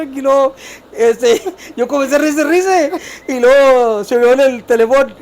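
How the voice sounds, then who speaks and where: An older man tells stories at a quick clip, his voice sitting fairly high for a man. He switches between Spanish and English, laughs as he goes and acts out what others said. His carries through both languages. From South Texas. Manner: lively, laughs while telling stories, acts out other people's lines. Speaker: guest, storyteller. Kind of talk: casual storytelling, mixing Spanish and English.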